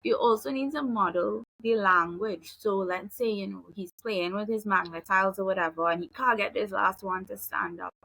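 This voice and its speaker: A woman in her thirties talks through parenting advice with a bright, forceful edge and plenty of vocal fry. She sounds dry and close. She is chatty and easygoing, and she slips into little acted-out lines as she goes. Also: mid-range voice, normal speed, hardly any pauses, no echo, poor audio. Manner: relaxed, chatty, acts out example phrases. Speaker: behavioral analyst guest. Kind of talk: casual advice conversation.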